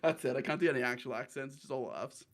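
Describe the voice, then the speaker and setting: A young man co-hosts a podcast, talking fast in a mid-range voice. The chat is casual, and he jokes and swears freely.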